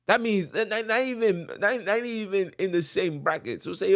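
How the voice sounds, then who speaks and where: A man's voice: sits high, animated, normal speed, hardly any pauses. A man hosting a podcast, delivering a preachy monologue that quotes scripture, emphatic and repetitive, often asking "right?". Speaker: podcast host.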